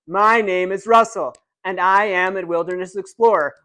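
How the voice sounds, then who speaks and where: A man voicing an earnest, eager young boy scout who recites a formal greeting slowly. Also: sits high, steady tone, pushed and bright, clean tone, voice pushed down. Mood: polite.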